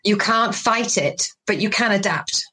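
A woman's voice: medium pitch, a little slow, husky. A woman from the UK, a comedian, telling stories in a podcast conversation over a video call and acting out quotes. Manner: animated storyteller, acts out quotes. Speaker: comedian guest.

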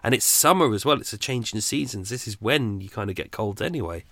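A man's voice: on the low side, lively intonation, brisk, bright, forceful tone, no room sound. A man hosting a podcast, chatting casually off the cuff while unwell with a sore throat and cold, rambling with fillers and restarts. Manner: rambling, self-deprecating, frequent fillers and restarts. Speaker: podcast host. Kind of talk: unscripted casual chat.

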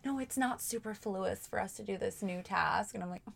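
A young woman co-hosting a podcast in casual chat, animated and full of "like"s as she acts out her own past remarks. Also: mid-range voice, fairly quick, creaky, breathy edge. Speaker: podcast co-host.

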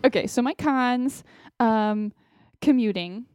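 A woman's voice: fairly high pitch, slow pace, a little mellow, clean tone, dry recording. A woman in her thirties, co-hosting a podcast in casual chat, telling upbeat anecdotes and giggling often. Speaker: podcast co-host.

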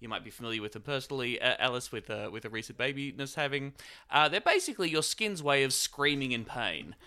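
A man's voice: medium pitch, lively intonation, quick pace, sharp tone, smooth. A man guesting as a comedian on a podcast, joking crudely and laughing often.

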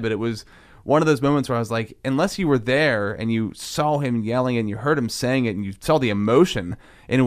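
A man in his thirties co-hosting a podcast, talking casually and retelling a story in a rambling, animated way. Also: mid-range voice. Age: 30s. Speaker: podcast co-host. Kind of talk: casual faith podcast chat.

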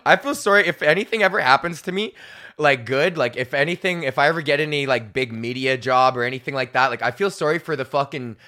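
A man's voice: medium pitch, fast, bright, forceful tone. A young man hosting his own comedy podcast, rambling and swearing as he rants, laughing at his own bits and acting out mocking quoted voices. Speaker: podcast host. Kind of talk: solo comedy podcast rant.

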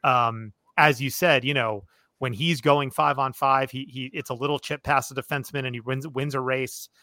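Bright-voiced man hosting a casual podcast. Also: mid-range voice, fairly even intonation, normal speed, dry recording. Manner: thoughtful, analytical, many fillers and restarts. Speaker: podcast host. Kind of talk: casual chat.

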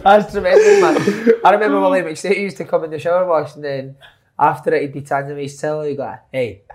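Man, Scottish, podcast co-host, high voice, noisy background. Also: lively intonation. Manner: laughing, quick questions. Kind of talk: casual podcast chat.

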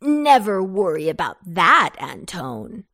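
A woman's voice: mid-range voice, huge pitch swings, slow, full character voice. Woman playing a lordly storybook pumpkin, courtly, full of himself. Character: grand, lordly talking pumpkin.

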